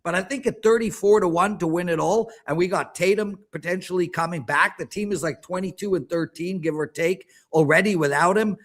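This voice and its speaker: A man in his fifties, a sports betting handicapper in casual panel chat, ranting in an animated, self-mocking way. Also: sits high, a little fast, few pauses. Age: 50s.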